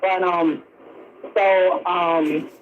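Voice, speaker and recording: A woman's voice: lowish voice, steady tone, extremely slow. An older woman calling a radio show, hesitant and scattered, with many fillers. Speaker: caller. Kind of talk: radio call-in. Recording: tinny phone line on radio.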